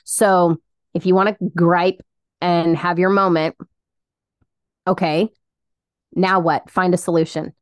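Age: adult. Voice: earnest, low-voiced woman co-host, dry. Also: flat delivery, no echo. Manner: earnest, advising, halting restarts. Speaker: podcast co-host. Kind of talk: casual faith podcast chat.

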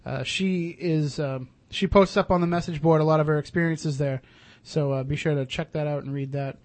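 A man's voice: on the high side, fairly even intonation, moderate pace, a little mellow. A man hosting a radio talk show, chatting casually with many fillers and restarts.

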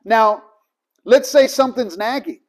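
Ministry trainer, man, high-pitched, emphatic storyteller. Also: unhurried. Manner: storytelling, acts out both sides of conversations, emphatic. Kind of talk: casual teaching talk.

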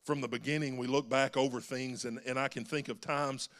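A man's voice: mid-range voice, fairly even intonation, fairly quick, a bit bright. A man preaching a sermon in a church, earnest and rising to emphatic calls. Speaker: pastor. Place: church sanctuary.

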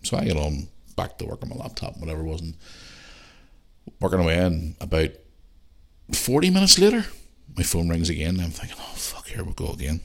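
A man's voice: deep voice, expressive, a little fast, pauses often. A man with a Northern Irish accent hosting a podcast, telling a rambling story casually, with swearing and laughs. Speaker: podcast host.

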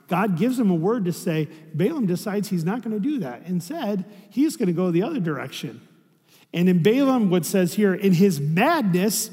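A mellow, high-voiced man gives a sermon as a pastor, keeping it casual and talky. He repeatedly checks on his listeners with rhetorical questions while a long hall reverb trails his words.

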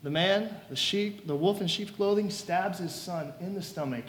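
At a normal speed and with a voice that sits high, a man preaches a sermon that retells a story. His storytelling is lively, and he dramatizes the scenes.

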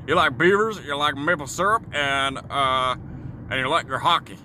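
A man's voice: a little high, moderate pace, pushed and bright. Canadian man mimicking a taunting American guy. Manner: mocking, sing-song jeering. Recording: road noise from a car.

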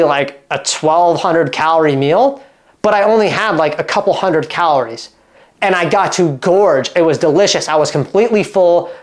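A man in his thirties from Oregon, a fitness coach talking casually to camera in an animated, emphatic way, full of fillers and quick restarts. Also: high-pitched. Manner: animated and emphatic, acts out quoted dialogue.

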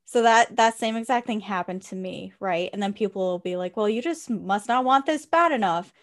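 A woman's voice: mid-range voice, normal speed. A woman co-hosting a podcast, chatting candidly about her own experiences, often laughing and putting direct questions to the listener. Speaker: podcast co-host. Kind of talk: casual podcast chat.

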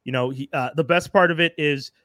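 A man's voice: on the high side, brisk, bright, forceful tone, dry recording, clean studio sound. A man co-hosting a podcast, chatting casually and with enthusiasm about shows and actors. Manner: enthusiastic, talkative, slangy. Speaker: podcast co-host. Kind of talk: casual chat.

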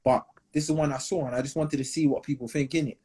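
A young man co-hosting a casual podcast, talking in animated slang and laughing often. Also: fairly high pitch, fast, husky. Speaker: podcast co-host.

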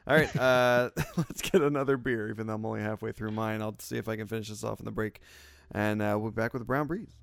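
Gravelly jokey male podcast host. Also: fairly low pitch, fairly even intonation, fast talker, few pauses, a little hiss or hum. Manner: laughing, loose and jokey. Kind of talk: casual beer chat.

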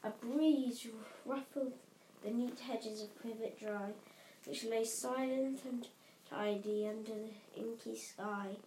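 Woman reading a storybook, slow, mellow voice, roomy echo, faint hiss. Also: a little high. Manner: slow, unhurried, occasional slips. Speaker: audiobook reader.

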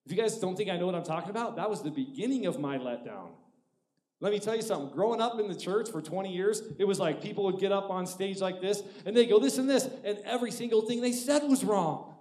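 A man in his forties preaching a sermon, telling a personal story in an animated way that swings between loud and hushed. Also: sits high, quick pace. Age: 40s. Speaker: pastor. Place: church auditorium. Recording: echoey church hall.

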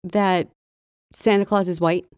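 A woman's voice: on the low side, steady tone, unhurried, a little mellow, no room sound, clean studio sound. A woman co-hosting a casual podcast, talking in a chatty, gossipy way. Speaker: podcast co-host. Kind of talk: casual chat.

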